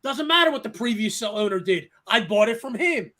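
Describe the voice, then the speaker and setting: A man in a casual chat, telling a story in an animated way and laughing often. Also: sits high, a little fast. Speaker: guest in a chat.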